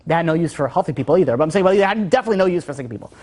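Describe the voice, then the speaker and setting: Animated man giving an informal Torah talk. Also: on the high side, very fast. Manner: animated storytelling with frequent restarts. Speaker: Torah teacher.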